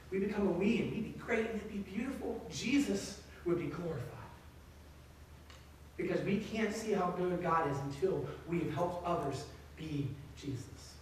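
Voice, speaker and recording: Male pastor, 30s, high voice, lively chatty sermon, booming church echo, mic far away. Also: slight background noise. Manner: conversational, animated preaching. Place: church sanctuary. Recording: echoey sanctuary, distant mic.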